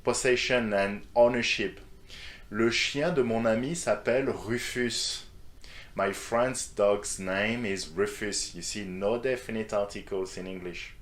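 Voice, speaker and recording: A man's voice: on the low side, unhurried. A man teaching French grammar, reading example sentences and then translating them into English. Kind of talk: scripted grammar lesson.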